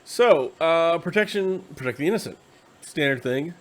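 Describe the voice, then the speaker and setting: A tired man hosting a casual, rambling explanation of a tabletop game class, slipping into quick acted asides. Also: fairly high pitch, animated. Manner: conversational, acts out quick quoted asides. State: tired, yawning.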